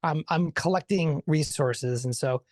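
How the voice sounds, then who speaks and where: A man speaking as a guest on a podcast, thinking out loud in a friendly, rambling way. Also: a little high, unhurried, no echo, clean studio sound. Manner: thinks aloud with many fillers and restarts, upbeat. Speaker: podcast guest, consultant and author. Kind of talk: casual conversational interview.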